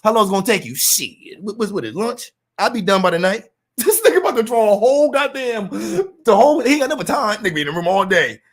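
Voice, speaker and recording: In a loose, animated rant, this man leans on profane street slang and performs other people's lines. He's a high-pitched, quick talker.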